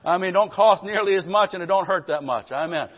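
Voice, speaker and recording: A man's voice: sits high, fairly quick. A man preaching a fervent live church sermon as pastor, often calling out for amens from the congregation. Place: church service. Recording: dull lo-fi live stream audio.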